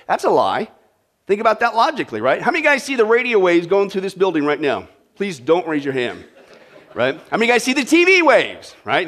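A male pastor with a notably high voice, preaching in a chatty, joking manner. He keeps checking in with the congregation, tossing out "right?" and "okay?" between points. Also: a bit bright. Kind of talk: sermon.

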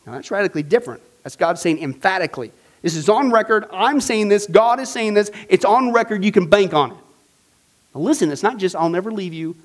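A male pastor teaching a Bible study class, animated and emphatic, with exclamations and repeated phrases. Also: high-pitched, a little fast.

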